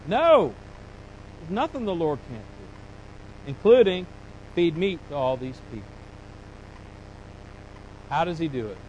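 A man preaching a sermon, animated and dramatic, acting out the complaints of biblical figures as he retells a scripture passage. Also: a little high, unhurried, pauses often, slight background noise, low-quality recording. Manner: animated preaching, voicing Bible figures with rising emphasis. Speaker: pastor.

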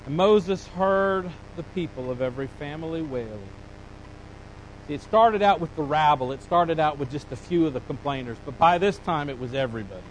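A man preaching a sermon, animated and dramatic, acting out the complaints of biblical figures as he retells a scripture passage. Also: on the high side, moderate pace, slight background noise, rough recording. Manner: animated preaching, voicing Bible figures with rising emphasis. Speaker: pastor.

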